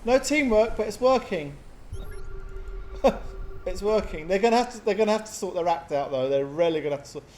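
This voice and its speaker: A man giving chatty, excitable live commentary on a strategy game match, often laughing. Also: high voice, brisk, pauses often, soft background music. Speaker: game caster.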